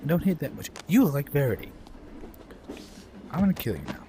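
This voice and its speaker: A man ranting casually and bluntly about food while playing a game, with quick asides and apologies. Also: on the high side, very animated, mellow. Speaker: gameplay streamer. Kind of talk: casual rambling rant while gaming. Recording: noisy home recording.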